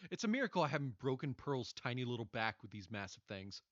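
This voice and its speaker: A man's voice: medium pitch, very animated, quick pace, dry recording, muffled recording. A man streaming a game with a friend, chatting playfully and reading game lines aloud in a joking way. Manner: playful, laughing, reads game dialogue aloud. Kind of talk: casual co-op stream chat with voiced game lines. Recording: faint game music behind.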